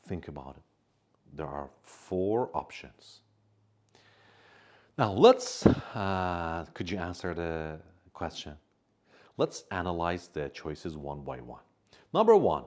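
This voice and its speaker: A man teaching an English grammar lesson, speaking carefully, stressing key words and pausing for learners to answer. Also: sits low, very animated, a little mellow.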